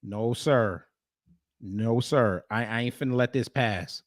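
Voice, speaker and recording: A man's voice: mid-range voice, takes it slowly, no room sound, clean studio sound. A man hosting a livestream, giving casual reaction commentary and repeating short phrases. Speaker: livestream host.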